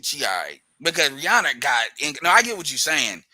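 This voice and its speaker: A man talking loosely on a podcast, swearing freely and often restarting mid-thought. His voice is sharp and forceful and swings widely in pitch. The sound is dry and close. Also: very animated, a little fast, dry recording. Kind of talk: casual profane chat.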